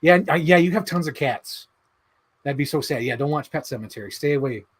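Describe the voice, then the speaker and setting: Man, livestream host, casual chat, animated, excitable, a bit high-pitched. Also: brisk, breathy edge. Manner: animated, excitable, lots of fillers and impressions.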